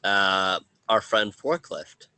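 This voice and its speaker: A man with a very deep voice runs a tabletop game as game master, narrating at an unhurried pace with frequent pauses. His tone is bright and forceful, and the sound is close and dry. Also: clean tone, dry recording, poor audio. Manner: halting, pausing narration.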